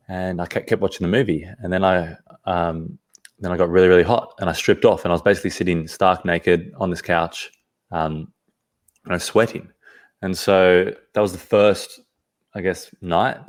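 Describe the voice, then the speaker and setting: A man, a podcast guest, telling a personal story in an earnest, halting way, often restarting his phrases. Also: low-pitched.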